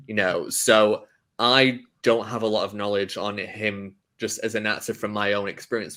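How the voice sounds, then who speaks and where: A young man hosts a casual film podcast, his voice sitting a little low. He talks with eager enthusiasm, wandering through thoughts with plenty of "you know"s and "like"s. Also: a bit bright. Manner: enthusiastic, rambling with many fillers. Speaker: podcast host.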